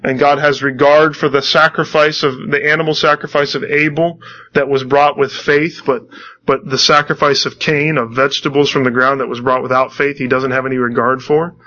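A man's voice: medium pitch, level tone, moderate pace, sharp tone, dull audio. A man preaching a sermon, earnestly reading scripture and commenting on it, often repeating words as he restarts.

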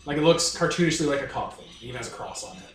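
A man's voice: medium pitch, lively intonation, very fast, fairly bright tone. A man narrating as game master of a tabletop game, loose and chatty, laughing often. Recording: roomy recording, faint hiss.

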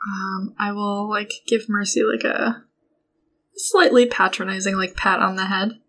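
Woman player, tabletop game, chatty, filler-heavy, mid pitch. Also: steady tone, measured pace, sharp tone. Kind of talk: tabletop role-play.

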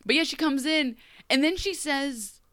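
A Midwestern American woman with a slightly raspy voice, co-hosting a casual podcast chat and recapping a TV episode with animated, sarcastic asides. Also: high-pitched, unhurried, no room sound, clean studio sound. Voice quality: raspy right now. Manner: animated, sarcastic, acts out quotes. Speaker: podcast co-host.

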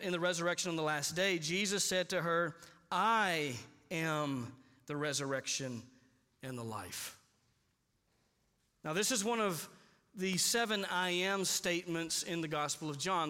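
A man preaching a sermon in a church, emphatic and slowing down on key points. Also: sits high, pushed and bright. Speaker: pastor. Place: church sanctuary. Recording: long hall reverb.

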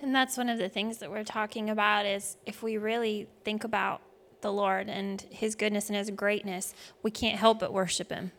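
A woman's voice: medium pitch, flat delivery, normal speed, a bit bright. A woman speaking as a worship leader, telling a heartfelt story in a conversational devotional talk.

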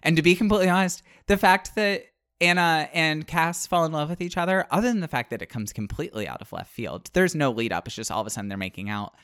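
A man's voice: a little high, fast talker, clean tone, no echo, studio quality. A man co-hosting a podcast, reviewing a book in casual chat, sarcastic and wired on caffeine. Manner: animated, sarcastic, swings between loud and muttered asides. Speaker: podcast co-host.

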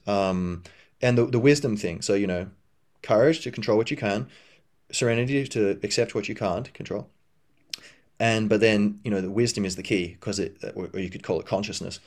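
A man with a fairly low voice hosts a podcast in a loose, reflective monologue. He rambles, restarts his sentences and fills the gaps with "um" and "you know", now and then jumping up in pitch to act out an imagined inner voice. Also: darkish tone. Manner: rambling, full of fillers and restarts. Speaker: podcast host.

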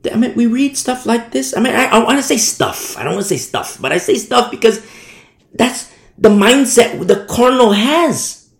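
A tired man preaching a sermon in a lively way, acting out the people he quotes. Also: extremely high pitch, moderate pace, gravelly, echoey room. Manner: animated, mimics the people he quotes. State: tired from no sleep.

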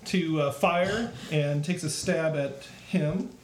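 Game master, male, slightly higher voice, methodical with fillers, roomy recording. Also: slow, a little hiss or hum. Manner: steady, methodical, with frequent fillers. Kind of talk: narrating a tabletop game.

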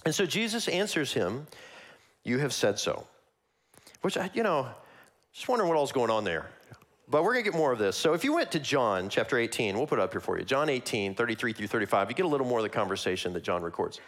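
A man preaches a sermon, working verse by verse through a Bible passage and acting out the characters in a conversational, animated style. His voice is medium in pitch and quick-paced.

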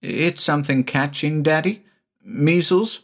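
A man's voice: measured pace, creaky. A man voicing a curious, insistent small boy in a raised, eager voice. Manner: high and eager.

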